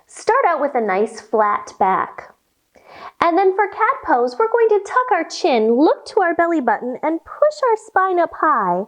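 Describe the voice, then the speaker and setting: A woman leads a children's yoga storytime, reading a picture book and guiding the kids through poses. Her high voice is playful, instructive and sing-song, swinging widely in pitch, and she speaks slowly and gently so the children can follow.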